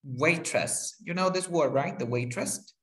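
A man teaching a one-on-one lesson, patiently saying each word slowly and repeating it. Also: fairly high pitch. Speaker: English tutor.

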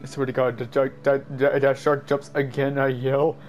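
A man giving jumpy, excited commentary while playing a game, easily startled and laughing at himself. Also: mid-range voice, moderate pace, highs cut off, soft background music. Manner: jumpy, screams and laughs at scares, self-mocking. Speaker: gamer.

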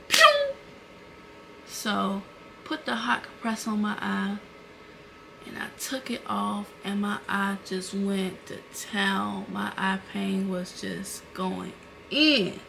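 A young woman vlogger, retelling an emotional story to camera in a casual, animated way with lots of fillers, recorded indoors at home on a camera mic. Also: mid-range voice, gravelly, background noise.

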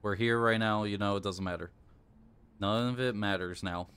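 A man streams a video game live, with a somewhat low, everyday voice. He narrates his own moves, urges himself to stay calm, and curses when the game beats him. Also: moderate pace, slight background noise. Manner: frustrated, swearing, coaching himself aloud. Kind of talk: casual live-stream commentary.

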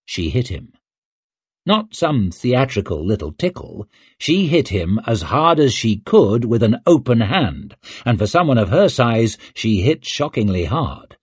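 A man reading an audiobook in a measured, expressive way, close to the mic. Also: medium pitch, breathy edge, no room sound. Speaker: audiobook narrator. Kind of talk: scripted narration.

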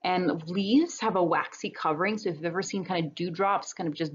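A woman's voice: lowish voice, brisk, highs cut off, a little hiss or hum. A woman biology instructor giving a recorded lecture over slides, explaining step by step in a conversational way. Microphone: webcam or computer mic on a talking-head recording.

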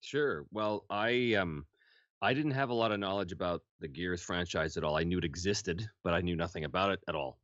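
A deep-voiced man who works as a voice actor tells relaxed stories in an interview and laughs easily between them. His voice is very dry and close, and the audio is dull and lo-fi, like an online call. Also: a little fast, dry recording. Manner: chatty, laughs between anecdotes. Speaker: voice actor guest. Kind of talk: casual interview storytelling.

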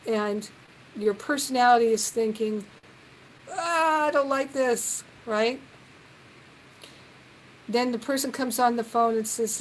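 A woman leading a reflective spiritual talk on a live group call, gentle and earnest, now and then acting out the voices she quotes. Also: fairly high pitch, slight background noise, rough recording.

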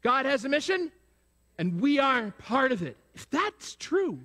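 High-voiced pastor preaching in a reverberant church. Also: male voice, big pitch swings, unhurried, bright, forceful tone. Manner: preaching with repeated rhetorical questions, prompting the congregation. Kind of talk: sermon. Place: church sanctuary. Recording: long reverb of a church sanctuary.

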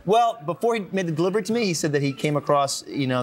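A man with a fairly high voice, talking fast in a TV studio. He tells his stories in animated bursts with quick restarts, in casual on-air banter on a morning show. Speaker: morning show weather anchor. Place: TV news studio.

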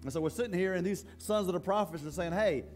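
A male pastor preaching a sermon in a church, in a conversational, halting way that often repeats words. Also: high voice, a little mellow, soft background music.

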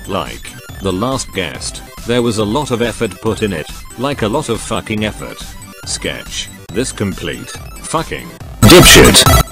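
A man giving crude, sarcastic commentary as he reacts to online videos, ranting and swearing heavily. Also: on the low side. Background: background music.

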